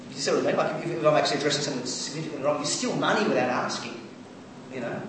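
A man preaching a sermon in a lively, animated way, acting out quoted voices. His voice sits a little high and carries a strong echo, as if he stands well back from the mic in a large room. Clear ambient noise runs behind him. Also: rapid-fire. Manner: animated, acts out quoted voices, many fillers and restarts. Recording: echoey hall, far from the mic.

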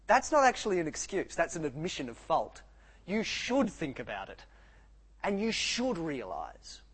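Husky animated male preacher. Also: on the high side, a little slow, rough recording. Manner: animated, swings from soft to loud. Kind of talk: sermon.

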